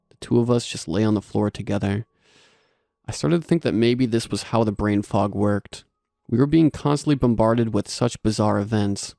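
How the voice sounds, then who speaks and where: A man narrating a horror story in a steady scripted delivery. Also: fairly low pitch, vocal fry, dry recording, clean studio sound.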